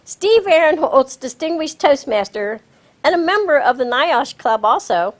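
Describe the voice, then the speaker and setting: A woman with a Midwestern American accent leading a club meeting as Toastmaster from a lectern in a small studio, speaking in a measured, instructive way. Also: high-pitched, lively intonation, poor audio. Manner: measured, instructive, announcing guests with rising emphasis. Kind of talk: presiding over a club meeting. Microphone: lectern microphone.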